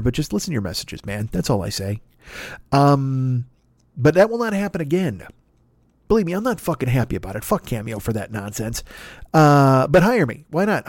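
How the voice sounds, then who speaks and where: Podcast host, middle-aged man, profane excitable comic rant, slightly high, dry close mic. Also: dry recording. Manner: profane, excitable, swings loud and quiet. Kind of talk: comedic rant.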